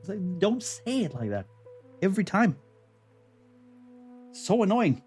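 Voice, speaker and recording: A man's voice: high-pitched, very animated, measured pace, a little mellow, slightly rough, soft background music. A man from Norway with a Norwegian accent, chatting casually with his stream viewers in a rambling, chuckling way and drifting into mild rants. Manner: rambling, chuckling, mildly ranting. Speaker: livestreamer.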